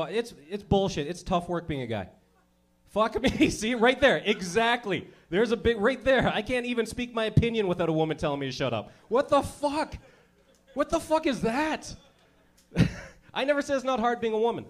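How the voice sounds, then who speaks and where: A man in his thirties doing profane stand-up comedy, working the crowd and laughing at his own jokes. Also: a little high.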